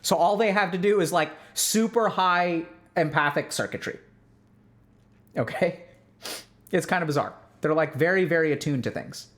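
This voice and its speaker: Brief: man in his 30s, psychiatrist streamer, slightly high voice, chatty, loose lecture delivery full of "like" and "right?". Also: moderate pace, fairly bright tone. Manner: conversational, peppered with "like" and "right?". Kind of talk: casual lecture to a live stream audience.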